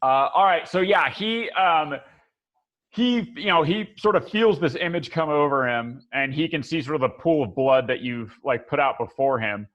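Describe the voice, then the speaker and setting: A man's voice: on the high side, lively intonation, normal speed, a bit bright, dull audio. Hesitant game master, a man. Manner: hesitant, many restarts and fillers. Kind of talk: narrating a tabletop game.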